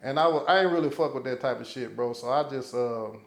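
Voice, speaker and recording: In a roomy-sounding recording, a podcast guest with a medium-pitched voice talks fairly quickly. He spins a story in relaxed conversation, swearing liberally and animatedly acting out the quotes.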